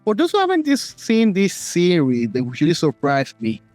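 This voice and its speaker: A male interview host, a native Spanish speaker, asking questions in halting, broken phrasing. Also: high-pitched, wildly swooping pitch, darkish tone, no room sound, soft background music. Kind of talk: casual interview.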